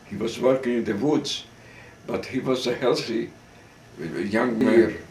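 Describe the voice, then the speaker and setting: An older man recounting his testimony at a slow, unhurried pace, stumbling and repeating words as he goes. His middle-pitched voice sits back from the microphone in a roomy, echoing space. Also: a little mellow, a little hiss or hum. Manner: halting, repeats and restarts words. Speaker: witness giving testimony. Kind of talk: recorded oral testimony. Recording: roomy recording from a distance.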